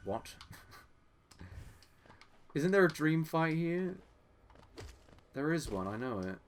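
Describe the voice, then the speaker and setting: A man's voice: fairly high pitch, sing-song, extremely slow, slight background noise. A young man rambling through live gameplay commentary, talking to himself and to his chat. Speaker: game streamer.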